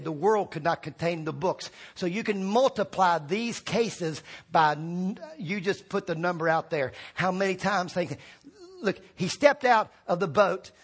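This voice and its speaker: A man preaching a sermon as pastor, rallying the congregation with call-and-response prompts and swinging between shouted peaks and quiet drops. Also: high-pitched, husky.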